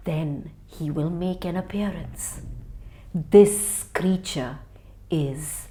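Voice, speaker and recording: A woman telling a children's fable with theatrical, playful expression, giving bird calls and dropping to a hush for suspense. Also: fairly low pitch, drawn-out words. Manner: animated, theatrical, with playful crow caws and hushed suspense. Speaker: children's storyteller. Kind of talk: expressive storytelling for kids.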